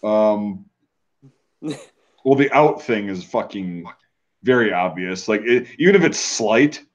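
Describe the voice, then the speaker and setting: A man's voice: lowish voice, animated, takes it slowly, lo-fi sound. A man hosting a casual chat, swearing freely and joking around. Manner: profane, joking, puts on mock voices. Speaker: host.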